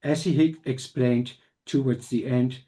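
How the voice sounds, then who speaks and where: A man delivers a measured academic conference lecture. His voice is dark and mellow at a middle pitch, and he pauses now and then to restart a phrase. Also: fairly even intonation. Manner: measured, reads quotes aloud with small restarts.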